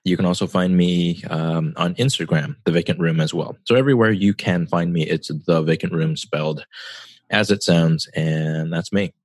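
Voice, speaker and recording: A man's voice: low voice, fairly even intonation, normal speed, darkish tone, no echo. A man co-hosting a casual podcast, laid-back and teasing, mostly giving short replies. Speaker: podcast co-host. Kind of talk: casual chat.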